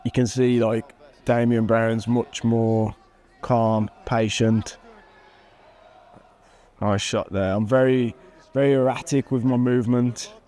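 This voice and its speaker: A man in his thirties, an MMA fighter and channel host, talks over fight footage in a relaxed, casual way. His middling pitch has a warm, mellow tone, and he speaks slowly with frequent pauses. He often chuckles at himself and bursts into excitement at the big moments.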